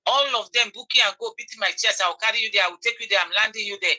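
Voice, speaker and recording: A woman's voice: on the high side, rapid-fire, few pauses, pushed and bright, low-quality recording. A Nigerian woman giving impassioned commentary, repeating phrases for emphasis and pleading with her audience. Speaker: online commentator.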